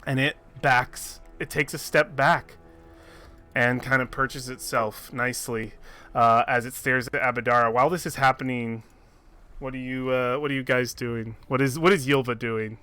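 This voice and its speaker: A man narrating as game master with slow, descriptive storytelling. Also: mid-range voice, fairly even intonation, sharp tone, clear, resonant tone, faint music behind.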